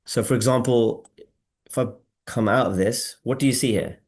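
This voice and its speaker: Animated man hosting a marketing webinar. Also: medium pitch, moderate pace. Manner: animated, emphatic, asks audience for replies. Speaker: webinar host. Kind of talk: casual marketing webinar talk.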